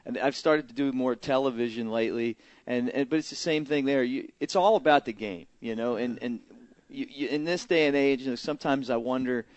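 A man with a trace of a Baltimore accent talks shop as a baseball broadcaster, earnest and halting, with lots of restarts. His voice is of middling pitch and comes through muffled and lo-fi, close and dry. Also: no echo. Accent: slight Baltimore. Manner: earnest, hesitant, many fillers and restarts. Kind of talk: casual radio interview.

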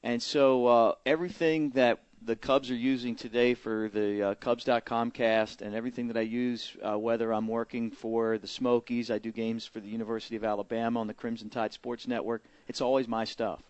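Earnest, halting man on a muffled radio line. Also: mid-range voice, flat delivery, a little mellow, dry recording. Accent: slight Baltimore. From Baltimore. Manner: earnest, hesitant, many fillers and restarts. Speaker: baseball play-by-play broadcaster. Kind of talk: casual radio interview.

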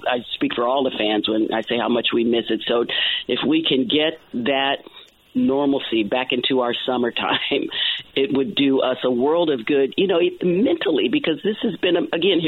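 A man speaking over a tinny, narrow phone line. He sits at a medium pitch and keeps stopping, restarting and repeating words as he chats. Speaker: ballpark public address announcer. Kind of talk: casual phone-in chat. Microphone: telephone.

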